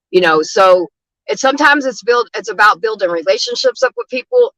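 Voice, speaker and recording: Her voice sits fairly high, sing-song and brisk with a sharp edge, captured in a dry, low-quality recording. A woman street outreach advocate, she swaps stories in casual talk, speaking bluntly, cursing a lot, and tossing in "you know what I mean" again and again.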